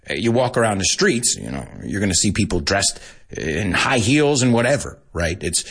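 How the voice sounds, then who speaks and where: A man's voice: deep voice, slightly rough. An American man giving a casual, jokey lesson, chatting and laughing often at his own asides. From United States. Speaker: English teacher. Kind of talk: casual teaching monologue.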